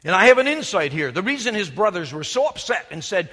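A man's voice: high voice, big pitch swings, fast, in a large hall. A man preaching an emphatic, storytelling sermon in a church sanctuary. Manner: emphatic, storytelling, shifts from loud to hushed.

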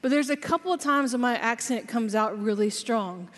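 Woman chapel speaker from South Georgia, lively storyteller, leans on slow emphatic phrases; live in an echoing hall. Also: fairly high pitch. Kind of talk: sermon.

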